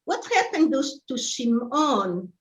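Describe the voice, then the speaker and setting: Woman rabbi, non-native speaker, slow and unsure, high voice, on a video call. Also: big pitch swings, rough recording. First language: not English. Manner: hesitant, asks questions. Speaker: rabbi, participant.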